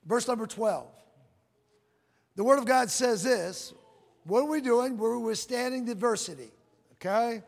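A male preacher with a strikingly high, gravelly voice delivers a fervent sermon, stretching scripture lines out slowly and calling out to his congregation. the sound carries a long reverb from a church sanctuary. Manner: fervent, calls to the congregation, reads scripture in slow drawn-out cadence. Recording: long reverb of a large hall.

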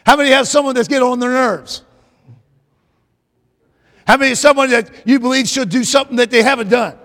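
A man preaching a sermon, often repeating phrases, calling out to his congregation for a response, and rising to shouts at the peaks. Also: extremely high pitch, brisk. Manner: rises to shouting at climaxes. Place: church sanctuary. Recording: long reverb of a large hall.

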